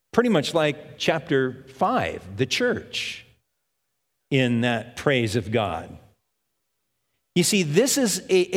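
An older man delivers a sermon, walking through a Bible passage and reading the verses aloud. He takes his time, speaking at a slow, measured pace. His voice rings with the long reverb of a hall. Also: a little high. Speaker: pastor.

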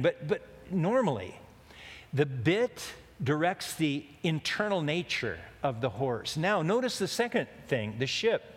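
A man preaching a sermon, telling a rambling, joking story in a folksy way. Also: fairly high pitch. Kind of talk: sermon with a told anecdote. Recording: long hall reverb.

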